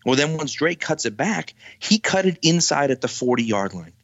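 A man who is a guest on a casual podcast, telling stories in an animated, exasperated way. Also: a little high, normal speed, dry recording. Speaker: podcast guest, football writer. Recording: dull dry lo-fi sound.

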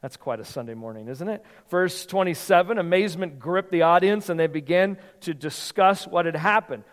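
Conversational pastor in a reverberant hall. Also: male voice, high-pitched, lively intonation, normal speed, hardly any pauses. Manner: conversational, repeats words while thinking. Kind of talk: sermon. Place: church sanctuary.

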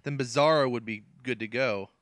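A man's voice: medium pitch, brisk, a bit bright, a little hiss or hum. A male podcast co-host in casual comedic chat, wry and playing along with the jokes.

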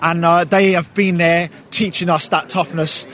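A man's voice: on the high side, steady tone, unhurried, sharp tone. A man, an Olympic canoeist, giving a rambling, disbelieving interview outdoors at a whitewater course. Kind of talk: post-race interview.

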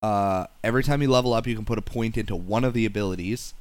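A man's voice: on the low side, fast, a little mellow, no room sound. Rambling young man on a voice call. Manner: rambling, lots of fillers and restarts. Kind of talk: casual gaming chat.

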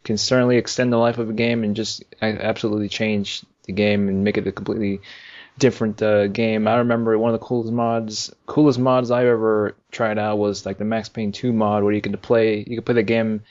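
A man co-hosting a casual podcast chat about video games, rambling and halting with many fillers. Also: fairly low pitch, little pitch movement, darkish tone. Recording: dull lo-fi sound.

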